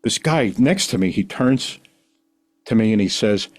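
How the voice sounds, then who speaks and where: Middle-aged male guest, lowish voice, animated rambling storyteller with lots of restarts. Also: a little slow. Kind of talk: casual storytelling.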